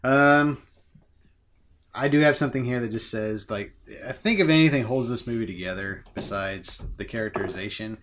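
A man's voice: medium pitch, normal speed, a bit bright, slight background noise. A man co-hosting a podcast, talking enthusiastically and acting out lines in casual chat. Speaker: podcast co-host. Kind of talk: casual movie discussion.

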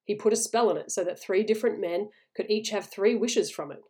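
A woman's voice: mid-range voice, a little fast, warm tone, lightly acted. A woman voicing a grave, haunted older male soldier who speaks with serious warning.

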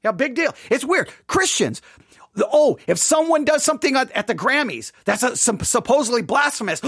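A woman commenting in an exasperated, halting way, breaking into animated outbursts. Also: on the high side, no room sound, clean studio sound. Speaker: online commentator. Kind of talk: indignant commentary.

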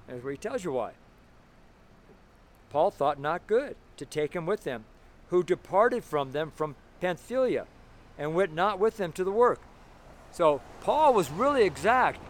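A man preaching a fervent street sermon outdoors beside a busy road, talking loudly and emphatically. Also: sits high, expressive, normal speed. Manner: fervent, emphatic, loud at times.

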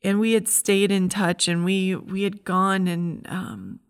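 A woman's voice: medium pitch, little pitch movement, takes it slowly, clean tone. A middle-aged woman giving a heartfelt, earnest devotional message as a Christian speaker.

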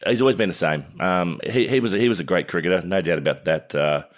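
Deep-voiced Australian man, laid-back sports chat. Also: quick pace. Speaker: sports radio co-host, former cricketer.

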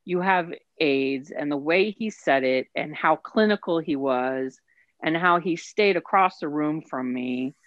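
Low-voiced woman telling a personal story. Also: unhurried, no echo, muffled recording. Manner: candid, emotional, quotes others in her story. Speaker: interviewee.

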